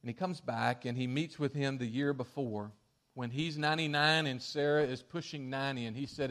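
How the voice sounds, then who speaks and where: A man preaching a sermon, telling the story with lively shifts in volume and acting out quoted lines. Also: medium pitch, brisk. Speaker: pastor.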